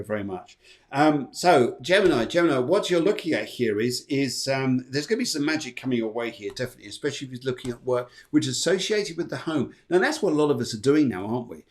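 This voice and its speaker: A middle-aged man hosts a live astrology show. He talks casually, rambles, jokes and thanks his viewers. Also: mid-range voice. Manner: jokey, rambling, warm thanks to viewers, puts on silly voices. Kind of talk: chatty live-stream horoscope reading.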